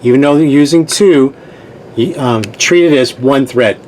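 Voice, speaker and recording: A man's voice: mid-range voice, unhurried, a little mellow, slight background noise. A man hosting a sewing tutorial, giving patient step-by-step instructions and repeating key points.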